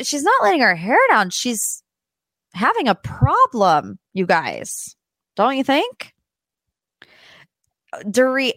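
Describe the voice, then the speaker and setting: A woman's voice: medium pitch, fairly bright tone, clear, resonant tone, no echo. Young woman gabbing about celeb gossip, says like a lot, dry close mic. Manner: chatty, lots of "like" and "you guys". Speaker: podcast host. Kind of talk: casual celebrity gossip chat.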